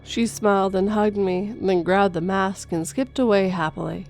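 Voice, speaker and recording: A woman reading a first-person horror story in a steady storytelling voice, going gentle for a mother's lines. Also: mid-range voice, moderate pace. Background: faint music.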